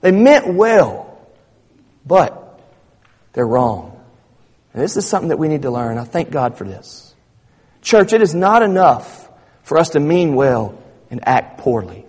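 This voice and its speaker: A man's voice: on the high side, very animated, measured pace, pauses often, darkish tone, slightly rough. A man preaching a sermon in an emphatic, repetitive, conversational style. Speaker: pastor. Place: church sanctuary. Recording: reverberant church hall.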